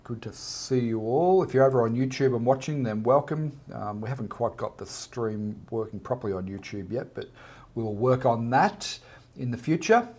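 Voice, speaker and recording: An Australian man hosts a casual live chat for his art students. He reads comments aloud and greets people one by one in an easy, friendly way, at an ordinary middle pitch. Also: moderate pace, husky. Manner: warm, relaxed, reads out viewer comments and greets each by name. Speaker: art teacher hosting a live Q&A.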